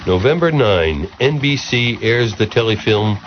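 Low-voiced man narrating a documentary. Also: lively intonation, muffled recording, slight background noise. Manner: measured, ironic, chronological.

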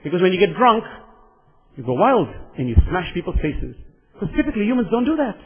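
A man's voice: sits high, sing-song, a little fast, slightly rough. A man preaching a sermon, impassioned and repetitive, speaking directly to his congregation in a large hall. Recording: dull lo-fi sound with long hall reverb.

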